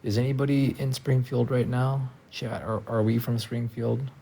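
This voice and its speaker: A tired man talking casually on a live stream from a friend's house, soft-spoken and trailing off with lots of fillers. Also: medium pitch, steady tone, moderate pace, gravelly, slight background noise. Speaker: livestreamer.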